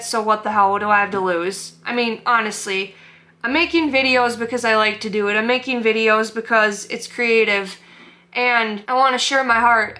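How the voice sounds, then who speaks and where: A woman's voice: a little high, bright, forceful tone. A woman vlogger talking frankly to camera in a heartfelt way, swearing casually as she opens up. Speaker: artist vlogger. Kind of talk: candid talking-to-camera vlog.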